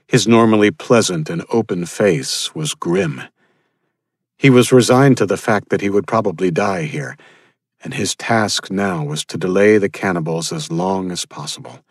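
A man reading a thriller audiobook in a steady, measured storytelling voice. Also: deep voice, breathy edge, no echo, clean studio sound. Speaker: audiobook narrator. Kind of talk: scripted narration.

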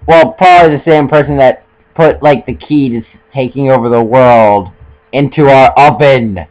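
A man's voice: medium pitch, normal speed, a little mellow, dull audio. A young man giving casual, joking commentary while playing a video game, often stumbling over his words and poking fun at himself. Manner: joking, self-mocking, trips over words. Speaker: let's play gamer.

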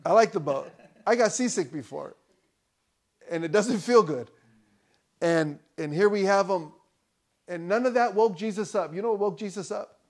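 Male pastor, slightly high voice, relaxed preaching that builds to loud emphatic lines. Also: moderate pace, pauses often. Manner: conversational preaching, rising to loud emphatic peaks, joking asides. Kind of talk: sermon. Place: church.

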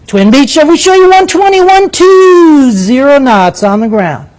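A man putting on the voice of an air traffic controller, drawn-out, courteous and sing-song. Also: very high-pitched, animated, darkish tone, voice pushed up. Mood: smooth, sing-song.

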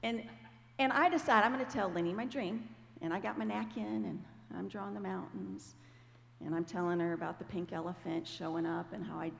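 A woman telling a testimony story to a congregation in a conversational, animated way, sometimes acting out the voices of the people she quotes. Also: mid-range voice, brisk, creaky. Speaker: guest speaker. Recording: hall reverb with faint background noise.

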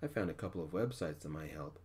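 A shy, polite young man answering carefully, as a man voices him in a whispered role-play. The voice is low and quiet, with a respectful tone. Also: expressive, quick pace. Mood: friendly.

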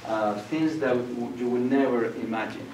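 A man's voice: mid-range voice, moderate pace. An older man gives a lecture, telling vivid stories and slipping into voices for the people in them. He sits well back from the microphone in a reverberant hall. There is a faint background hiss. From Colombia. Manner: animated storyteller, acts out voices and laughs. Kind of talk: public lecture with storytelling. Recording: echoey room, distant mic, faint noise.

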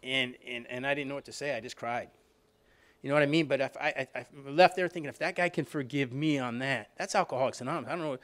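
A middle-aged man speaking fast to an audience as he tells his own recovery story. His delivery is conversational and loose, full of restarts and asides to the listeners. His pitch sits in an ordinary middle range for a man. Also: a bit bright. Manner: conversational storytelling, frequent "you know what I mean", restarts. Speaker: alumni reunion speaker.

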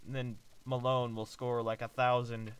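Excitable, profane man doing game commentary. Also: mid-range voice, normal speed, smooth, poor audio. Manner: excitable, joking and profane, with sudden loud outbursts. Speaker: let's play gamer. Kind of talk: casual gameplay commentary.

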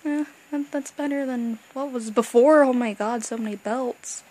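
A young woman chatting excitedly as a fan vlogger, rambling and gushing, with bursts of excitement and quiet asides. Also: on the high side, normal speed, poor audio. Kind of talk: excited casual fan chat.

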